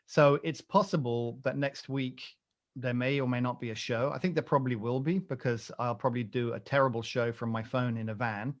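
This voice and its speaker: A man's voice: mid-range voice, fairly even intonation, fairly quick, muffled recording. A British man co-hosting a coffee podcast, rambling and joking in a casual chat with lots of fillers and restarts.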